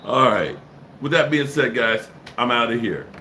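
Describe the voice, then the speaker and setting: A man's voice: medium pitch, a little slow. A middle-aged man hosting a sports livestream, chatting casually and telling stories with frequent laughs. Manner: animated storytelling, laughs often. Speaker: sports podcast host.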